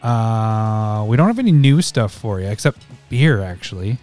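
A man co-hosting a podcast in casual chat, relaxed and quick to laugh. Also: on the low side, faint music behind. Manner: laid-back, laughs often. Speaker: podcast co-host.

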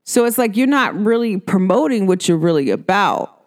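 Animated woman talking about self-love. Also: mid-range voice, moderate pace. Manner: animated, laughs often, rhetorical questions. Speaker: vlogger. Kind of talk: casual self-help monologue.

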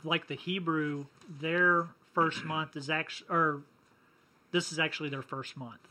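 A man chatting with his co-hosts on a radio show. He speaks in a loose, halting way with informal grammar. His voice sits a bit high and sounds bright. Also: fairly even intonation. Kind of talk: casual chat.

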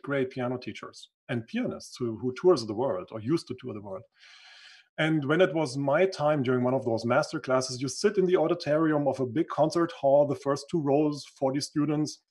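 A man speaks in a husky, slightly rough voice at a middle pitch. English is not his first language, and he pauses now and then to find a word. He tells his story as an interview guest, earnest and reflective. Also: darkish tone. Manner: reflective, earnest, searches for words. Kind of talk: conversational storytelling.

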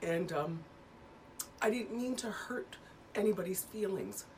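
Fifties woman tv host, calm and sure of herself, talking to her viewers. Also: mid-range voice, a little slow, slight background noise. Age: 50s. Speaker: talk show host. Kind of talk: on-air statement to viewers.

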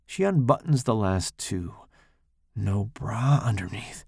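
Slow, gravelly man narrating horror. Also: mid-range voice, no room sound, clean studio sound. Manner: slow, dramatic, expressive reading. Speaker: podcast host reading his story. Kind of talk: first-person horror story narration.

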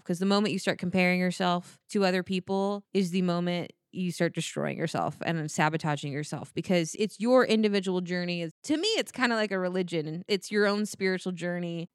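A woman's voice: fairly low pitch, dry recording, studio quality. A woman guest on a podcast about improv, chatting casually, laughing often and talking through her ideas.

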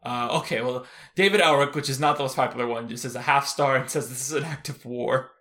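Lively, bright-voiced man chatting. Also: mid-range voice, fast. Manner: animated, laughs often, rambling asides. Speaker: podcast co-host. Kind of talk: casual film chat.

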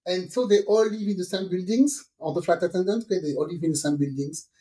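A woman's voice: fairly low pitch, fast, distant mic. A woman co-hosting a podcast, telling funny stories in casual chat and acting out the other people's lines as she goes. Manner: animated storyteller, acts out characters' lines. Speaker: podcast co-host.

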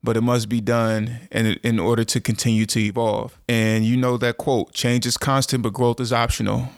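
A man in his thirties from the United States, hosting his own show and speaking earnestly in a halting, reflective monologue with frequent restarts. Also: medium pitch, level tone, no room sound, clean studio sound. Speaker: motivational speaker and show host.

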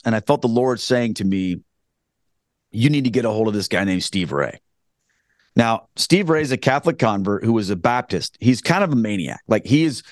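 A man's voice: medium pitch, no room sound, studio quality. Earnest man rambling through a testimony. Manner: earnest, rambling with frequent restarts. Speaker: guest telling his conversion story. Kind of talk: casual spoken testimony.

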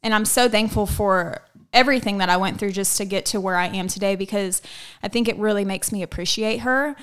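A woman's voice: mid-range voice, fairly quick, fairly bright tone, smooth. A young woman, telling upbeat stories in a casual chat about working with her mother. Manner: upbeat storytelling with small laughs. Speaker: salon colorist, guest.

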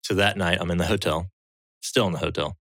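A man's voice: sits low, steady tone, a little fast, a bit bright, no echo. A man from the United States, a podcast guest, telling a story in blunt, profane casual talk. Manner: blunt and profane, quotes others as he tells it.

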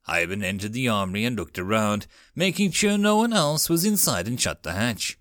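Expressive male audiobook narrator. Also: lowish voice, normal speed, few pauses, no room sound, studio quality. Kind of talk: audiobook reading of a web novel.

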